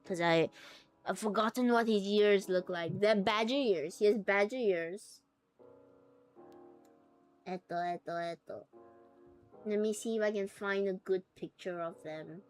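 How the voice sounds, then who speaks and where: Young woman, streamer, casual chat, giggly, thinks aloud, middle pitch, faint background music. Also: a little slow, long pauses. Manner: chatty, giggly, thinks aloud while crafting.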